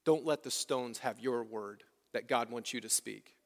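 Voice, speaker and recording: Unhurried and mid-range, a man preaches as his church's pastor, using repetition and rhetorical questions directed at the congregation. The sanctuary adds a long, church-hall reverb.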